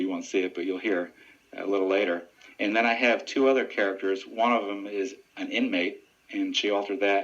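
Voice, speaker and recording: In dull, lo-fi radio audio, a lowish-voiced man answers interview questions in a steady, earnest, informative manner. He works as a deputy sheriff and also as a ventriloquist.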